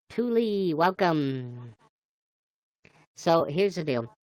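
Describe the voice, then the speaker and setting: A playful woman chatting on a livestream and greeting viewers by name. Her voice is very low for a woman, and she talks at an unhurried pace in a dry, close sound. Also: expressive, no room sound. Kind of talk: casual live chat with viewers.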